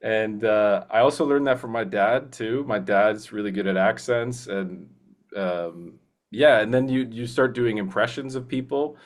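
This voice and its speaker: A man's voice: on the low side, a little slow. Earnest, rambling young man. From Canada. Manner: earnest, rambling, many restarts and "you know". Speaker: guest voice actor. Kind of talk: casual interview.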